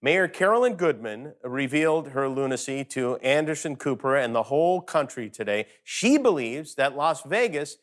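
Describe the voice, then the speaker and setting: A man's voice: mid-range voice, lively intonation, moderate pace, hardly any pauses. A man hosting a late-night show, delivering a sarcastic comedic monologue from home.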